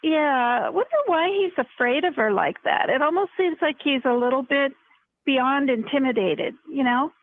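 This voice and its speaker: A woman's voice: sits high, normal speed, no room sound. A woman calling into a livestream, gossipy and giggly, laughing often. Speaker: caller. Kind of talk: phone call into a livestream. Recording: tinny phone line.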